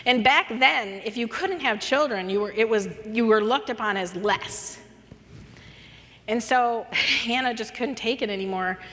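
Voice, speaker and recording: Bright, animated woman preaching in a hall. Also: fairly high pitch, unhurried. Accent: American. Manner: animated storytelling with acted-out voices and laughter. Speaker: conference speaker. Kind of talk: conference teaching. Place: church auditorium.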